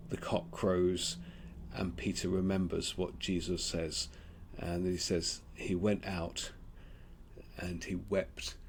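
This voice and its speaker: Low-voiced reflective Australian man. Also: slight background noise. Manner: gentle, reflective, with frequent ums. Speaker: preacher. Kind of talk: Lenten devotional reflection.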